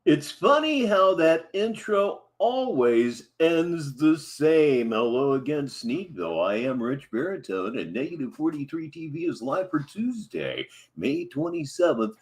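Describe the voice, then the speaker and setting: A man's voice: fairly high pitch, big pitch swings, a little slow, few pauses. A man hosting a livestream, giving sardonic commentary on a clip he plays. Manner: sardonic, mocking asides. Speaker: livestream host. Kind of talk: casual commentary over a played clip.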